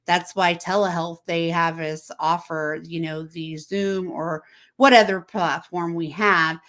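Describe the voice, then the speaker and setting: A woman with a somewhat low voice talks in a casual chat to camera. She speaks conversationally, turns to the viewer with questions, and acts out text messages in little quoted voices. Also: steady tone, unhurried, a bit bright. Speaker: host.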